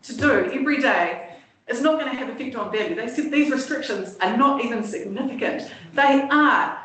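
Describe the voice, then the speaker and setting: Emotional New Zealand woman in echoey hall. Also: high-pitched. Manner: emotional, pleading, tired. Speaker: submitter at a council hearing. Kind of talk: impassioned off-the-cuff testimony. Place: large hall, indoors. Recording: echoey hall, speaker far from mic.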